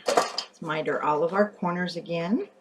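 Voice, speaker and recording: A woman's voice: fairly low pitch, normal speed, heavy background noise. Chatty woman narrating a craft tutorial. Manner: chatty, thinking aloud while working, often self-correcting.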